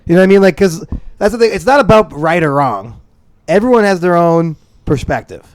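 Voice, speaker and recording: A man's voice: high voice, animated, a little fast, dry recording. A young man from the upper Midwest co-hosting a podcast, rambling in a mock-serious, swearing comedic chat. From upper Midwest of the United States. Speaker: podcast co-host.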